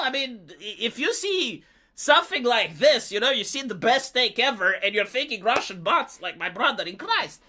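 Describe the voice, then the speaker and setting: Heated live-stream ranter, bright and sarcastic. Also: high-pitched, sing-song, normal speed. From Romania. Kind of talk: ranting live-stream commentary.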